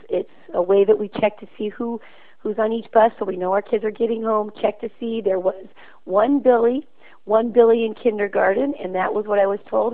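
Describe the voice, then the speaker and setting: A school principal, a woman, calling in to tell a story in an earnest, conversational way. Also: mid-range voice. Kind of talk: phoned-in storytelling. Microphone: phone. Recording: tinny phone line.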